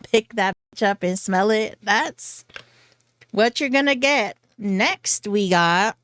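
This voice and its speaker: A woman's voice: mid-range voice, takes it slowly, a bit bright, no echo. Giggly, chatty woman vlogger reviewing fragrances in a dry, close-sounding room. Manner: giggly, chatty, goofy asides. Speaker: beauty vlogger. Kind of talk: casual fragrance haul review.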